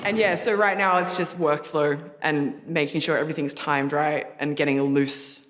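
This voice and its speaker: A woman's voice: deep voice, fairly even intonation, moderate pace, some chatter behind, slight background noise. A woman, a competing barista, rehearsing her lines and chatting frankly and casually. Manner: casual, frank, swears freely. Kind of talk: rehearsing and candid chat.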